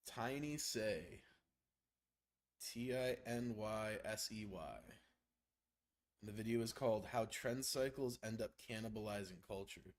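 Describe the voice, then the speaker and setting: A man with a gravelly voice and a strained throat, casually talking through a game stream. He chats freely, swears often and laughs a lot. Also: lowish voice, unhurried. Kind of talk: casual gameplay commentary.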